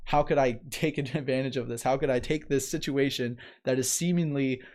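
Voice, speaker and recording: A man hosts a motivational live show, talking to viewers in a relaxed, chatty way. He reads their comments aloud and responds to them, often checking in with a quick "right?" and light laughter. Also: medium pitch. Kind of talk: casual live-stream talk, reading viewer comments.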